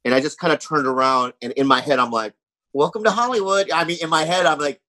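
A man's voice: medium pitch, fast talker, bright, forceful tone, no echo. A man guest on a comedy podcast, telling rambling stories in casual chat and saying "you know what I mean" often.

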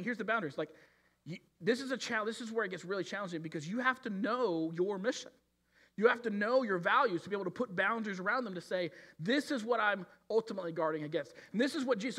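A man's voice: sits high, a bit bright. A man preaching a sermon in an earnest manner, with frequent restarts and acted-out quotes. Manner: earnest, repeats words and restarts often, acts out quoted voices. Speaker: pastor.

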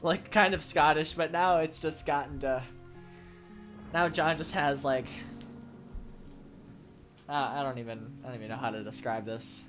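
A man's voice: on the high side, fairly even intonation, measured pace, pauses often, music in the background. A young man giving casual gameplay commentary as a let's play host, rambling and joking, swearing and laughing often.

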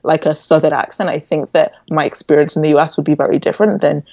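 A woman in her twenties with an English accent, raised in England after a Nigerian birth, telling stories as a podcast guest in an animated, reflective way. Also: sits low, fast talker, dry recording. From born in Nigeria, raised in England. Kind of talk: casual interview chat. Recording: dull, dry lo-fi audio.

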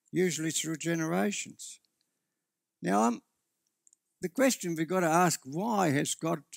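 Gravelly-voiced male pastor preaching. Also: fairly high pitch, no echo, clean studio sound. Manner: earnest preaching with frequent restarts. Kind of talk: sermon. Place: church.

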